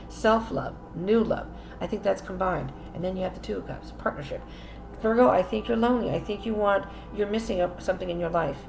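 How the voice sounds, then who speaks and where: A woman's voice: medium pitch, gravelly, darkish tone. A woman giving a casual tarot reading, musing aloud and speaking straight to the viewer. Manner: chatty, musing aloud, addresses viewer directly. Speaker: tarot reader. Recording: roomy echo, faint ambient noise.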